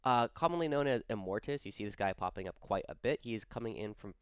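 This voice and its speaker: Young man, casual rambling commentary, smooth voice, lowish pitch, dry close sound. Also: lively intonation, fast talker, dry recording. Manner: rambling, casual, many fillers and self-corrections. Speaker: wargaming channel host.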